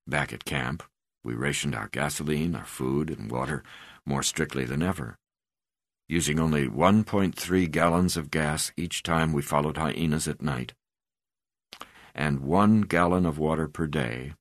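Brief: male narrator, deep voice, measured read, dry booth sound. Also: vocal fry, no room sound. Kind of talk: audiobook narration.

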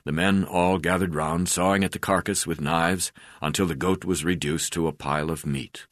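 A man reading his own memoir aloud in a steady pace, with frequent hesitation fillers. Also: low-pitched, moderate pace, no room sound, clean studio sound. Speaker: memoir narrator.

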